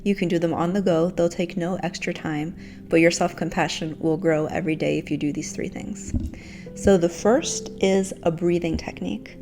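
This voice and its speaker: A woman teaching self-compassion techniques, slowly counting a guided breathing exercise in a calm, encouraging way. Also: on the low side. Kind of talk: guided self-help lesson.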